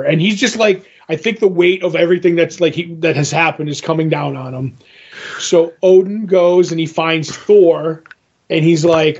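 A man's voice: fairly high pitch, steady tone, unhurried, darkish tone, muffled recording. A man co-hosting a comic book podcast, retelling a story in a rambling, casual way with lots of fillers. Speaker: podcast co-host.

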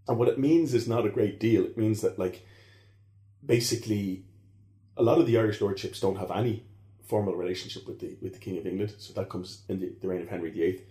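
Fast-talking man explaining history. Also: fairly low pitch, warm tone, echoey room. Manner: rambling, self-correcting, digressive. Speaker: historian guest. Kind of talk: conversational expert explanation.

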